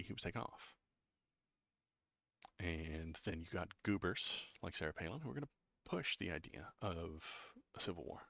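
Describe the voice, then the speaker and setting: Deep, gravelly man, blunt and sarcastic. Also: a bit bright, no room sound, muffled recording. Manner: blunt and sarcastic, stumbles over words. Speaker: political commentary host. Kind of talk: casual political commentary.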